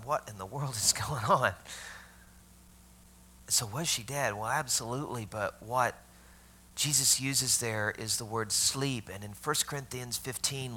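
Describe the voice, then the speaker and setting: A man's voice: mid-range voice, pushed and bright. A man preaching a sermon, telling the story conversationally, asking his listeners questions and dropping to a whisper for tender moments. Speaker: pastor.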